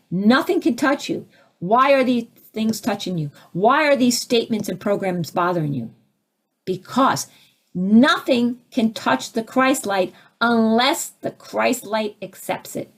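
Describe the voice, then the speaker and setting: A middle-aged woman, a spiritual teacher and counselor, giving an animated talk full of rhetorical questions. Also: a little high. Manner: animated, acts out quoted voices, rhetorical questions.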